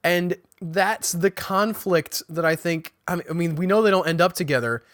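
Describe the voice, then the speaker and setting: In a casual spoken recap of a TV episode, this podcast host talks at a moderate pace in a fairly high, slightly bright voice. He keeps tripping over words, starting sentences again, and putting the characters' dialogue in his own words. The recording is dry and close-miked, with no echo.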